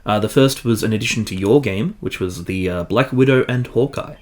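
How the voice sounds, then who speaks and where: Young male podcaster, lower voice, dry jokey asides. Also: a little fast. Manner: wry, joking asides. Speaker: podcast co-host. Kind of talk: casual chat.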